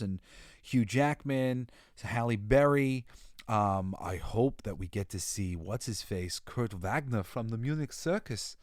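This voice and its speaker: A man talks on his podcast in a low voice, rambling through opinions with plenty of fillers and restarts. He sighs and groans when something annoys him. The sound is dry and close, with no room around it. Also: clear, resonant tone, no room sound. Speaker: podcast host. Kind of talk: casual monologue.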